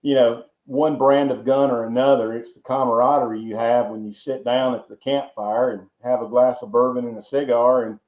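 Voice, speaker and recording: A man's voice: mid-range voice, level tone, moderate pace, few pauses. A man from Georgia, telling long rambling stories as a podcast guest, often repeating words and adding folksy asides. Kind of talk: casual storytelling interview. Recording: roomy, dull lo-fi sound.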